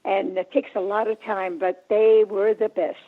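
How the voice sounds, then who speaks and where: Caller, woman in her nineties, sweet and teasing, breathy, over a tinny phone line. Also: mid-range voice, flat delivery, moderate pace. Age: 90s. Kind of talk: casual phone chat.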